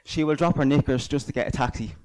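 A man's voice: medium pitch, quick pace, noisy background. A young Irish man doing a stand-up comedy set, crude and self-mocking, stumbling through asides on stage. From Ireland.

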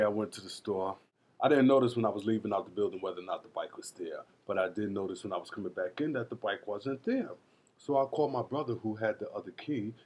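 Young man, vlogger, husky voice, casual storytelling, swears a lot. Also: fairly low pitch. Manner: animated, swears often, repeats a catchphrase.

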